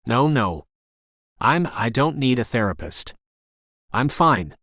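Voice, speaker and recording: A man voicing a withdrawn young man who talks softly and hesitantly in an audiobook. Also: medium pitch, sing-song, takes it slowly, no echo, clean studio sound. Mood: troubled. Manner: soft, hesitant, murmured.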